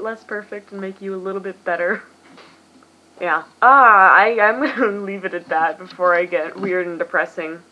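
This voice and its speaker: A woman's voice: medium pitch, moderate pace, lo-fi sound. A tired young woman in her late teens from the US, rambling self-deprecatingly through a casual vlog as its host. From United States.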